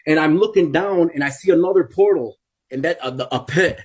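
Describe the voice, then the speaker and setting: A man's voice: on the high side, brisk, darkish tone, slightly rough. A man in his forties telling an emotional personal testimony, urgent and repetitive, often restarting his sentences. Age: 40s. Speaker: testimony speaker.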